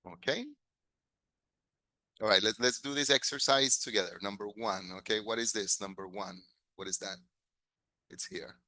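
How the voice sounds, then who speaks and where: Patient teacher. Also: male voice, on the low side, normal speed, pauses often, pushed and bright, low-quality recording. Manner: patient, repeats and corrects words, praises students. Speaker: English teacher. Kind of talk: classroom lesson mixing English and Spanish.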